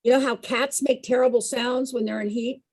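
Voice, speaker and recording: A woman telling a story to a group in an animated way, often asking her listeners questions. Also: on the high side, normal speed. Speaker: storyteller and song leader.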